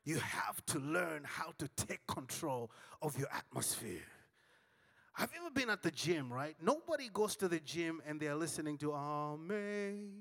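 A man preaching a sermon, telling dramatic stories and acting out the dialogue, with calls for the congregation to shout back. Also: fairly high pitch, lively intonation, normal speed, long reverb tail. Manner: dramatic storytelling with big swings between shouting and hushed tones; acts out dialogue with audience call-and-response.

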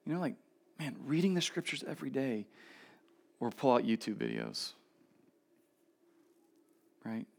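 A man in his thirties preaching a casual, storytelling sermon at a church service, swinging between emphatic lines and quiet asides. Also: mid-range voice, wildly swooping pitch, measured pace, creaky, pauses often. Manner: conversational storytelling, shifts between loud emphasis and soft asides. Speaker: pastor.

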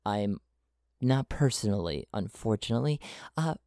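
A man voicing a friendly male local in a tabletop game who welcomes a newcomer warmly and drops in Spanish greetings. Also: mid-range voice, very animated, slow, no echo, clean studio sound. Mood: apologetic.

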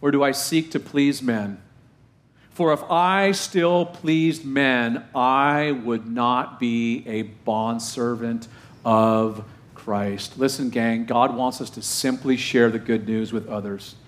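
A man preaching a sermon as pastor, full of rhetorical questions and emphatic repetition, slowing down to stress key phrases, with playful asides. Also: mid-range voice, steady tone. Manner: playful asides and self-deprecating humor.

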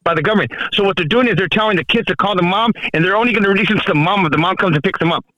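A man's voice: sits high, racing, sharp tone, dry recording, muffled recording. A man chatting casually on a podcast, rambling and joking with frequent restarts. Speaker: podcast co-host calling in from the road.

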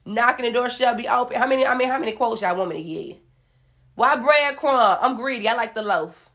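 Woman vlogger, slightly high pitch, sassy preachy pep talk with dramatic pauses. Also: a bit bright. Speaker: motivational vlogger. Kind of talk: casual motivational talk to viewers.

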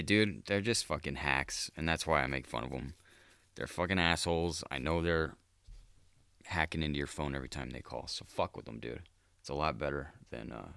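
A man's voice: very deep voice, vocal fry, sharp tone, clean tone, no echo. A man hosting a solo podcast, talking in a profane, rambling, casual monologue. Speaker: podcast host.

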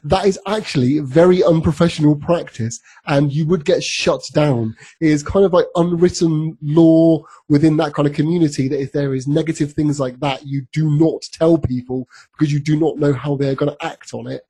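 A man's voice: on the high side, fairly even intonation, normal speed, hardly any pauses, mellow, breathy edge. A man co-hosting a podcast, chatting casually about a TV episode, with many ums and frequent laughs. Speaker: podcast co-host. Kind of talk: casual chat recapping a TV episode.

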